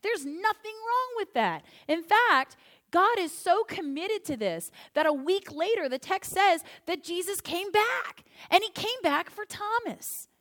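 A woman pastor giving a conversational, animated sermon. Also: extremely high pitch, a little slow.

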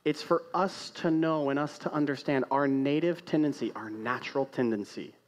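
A man delivering a sermon to a congregation. He talks in a conversational way and keeps posing rhetorical questions, rising to loud emphatic lines and then dropping to quiet, hushed ones. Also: medium pitch, normal speed. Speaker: pastor.

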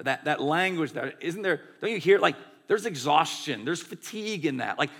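A man's voice: fairly high pitch, animated, normal speed, hardly any pauses, a bit bright. A man in his forties preaching a sermon in a conversational way, often acting out quoted lines. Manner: conversational, acts out quotes in voices. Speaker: pastor.

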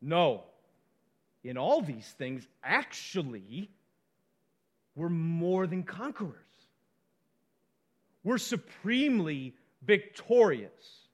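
A man preaching a sermon, emphatic and passionate, rising to loud peaks and dropping to quiet asides. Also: on the high side, sing-song, drawn-out words, pauses often. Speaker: pastor.

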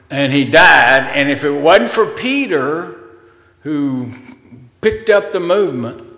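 A man preaching a sermon as pastor, in a slow, conversational way with pauses and fillers, in a church sanctuary. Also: on the high side, sharp tone. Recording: roomy hall reverb.

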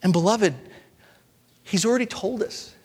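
A man preaching a sermon as pastor, passionate and repetitive, swinging between loud appeals and hushed, soft passages. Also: high-pitched, a little slow, slightly rough, big-room sound. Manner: impassioned, repetitive preaching with rising and falling intensity.

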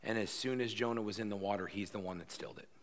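A man's voice: fairly low pitch, fast, a little hiss or hum. A man preaching a sermon as pastor, emphatic and conversational, acting out quoted lines.

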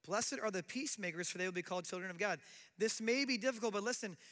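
Middle-aged male pastor, high bright voice, chatty sermon, long hall reverb. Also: fast. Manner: conversational preaching with acted quotes.

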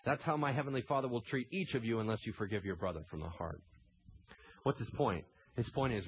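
A man preaching a sermon, telling the story with animated swings between loud emphasis and quiet intensity. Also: mid-range voice, fairly quick, husky, lo-fi sound. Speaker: pastor.

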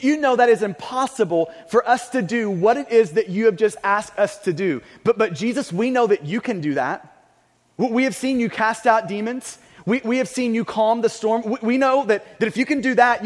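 A man's voice: high voice, lively intonation, moderate pace. A man voicing a group of worried male disciples, speaking earnestly and stumbling over repeated words. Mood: pleading. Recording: long reverb of a large hall.

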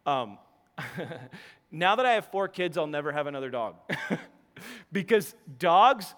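A man in his thirties preaching a sermon, telling stories with quick laughing asides and restarts. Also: on the high side, long reverb tail. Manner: animated storytelling, self-interrupting, laughing asides. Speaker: pastor.

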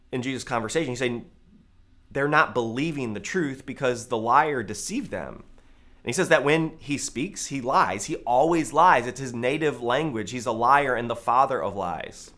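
A male pastor preaching a sermon in a conversational way, with loud emphatic peaks and quiet, low asides.

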